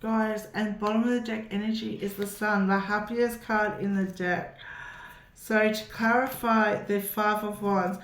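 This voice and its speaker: Reassuring woman tarot reader, mid-pitched voice, echoey room. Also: level tone, a little slow. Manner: reassuring, repeats "okay?". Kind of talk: encouraging tarot reading to viewers.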